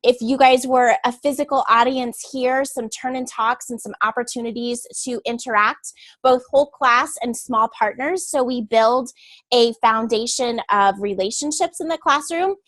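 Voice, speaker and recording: A woman's voice: fairly high pitch, moderate pace, a bit bright, dry recording. A woman teacher giving an earnest, explanatory lecture to adult learners before a read-aloud. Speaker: teacher educator.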